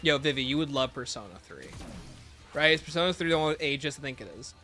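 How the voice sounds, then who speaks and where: A man's voice: a little high, animated, fast, bright, forceful tone. A young man chatting casually with his viewers while playing a zombie shooter, rambling and joking. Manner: joking, rambling banter with chat. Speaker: gaming livestreamer. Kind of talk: casual livestream commentary.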